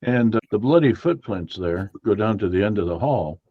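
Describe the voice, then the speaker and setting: A man's voice: lowish voice, expressive, normal speed, no echo, lo-fi sound. A man playing a tabletop role-playing game, plainspoken as he plans his moves. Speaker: player. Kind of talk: casual tabletop play.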